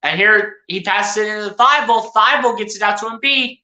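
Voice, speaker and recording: A bright-toned streamer calls a basketball game play by play in a loose, casual way, talking straight to the players and to the chat. Mid-pitched and a little hedging, sometimes correcting names on the fly, heard in a roomy, echoey space. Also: brisk. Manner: chatty, addresses players and viewers directly, self-correcting. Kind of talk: casual live play-by-play commentary.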